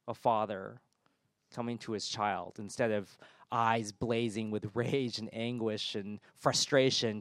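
A man preaching a sermon in church, his voice swelling loud on big points and dropping soft on gentle ones. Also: fairly low pitch, no echo, studio quality.

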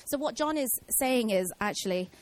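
A woman's voice: a little high, expressive, moderate pace, rough recording. A woman giving an informal Bible teaching in a casual way, with many fillers and restarts.

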